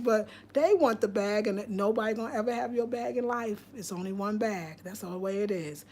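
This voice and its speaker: A woman with a New York accent hosts a casual livestream into her phone, talking loosely to her viewers. Her voice sits at an ordinary middle pitch, and she chats in a rambling way, restarting and trailing off mid-thought. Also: normal speed, few pauses, a little mellow, a little hiss or hum. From Albany, New York. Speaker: livestream host. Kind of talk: casual livestream chat reading viewer comments.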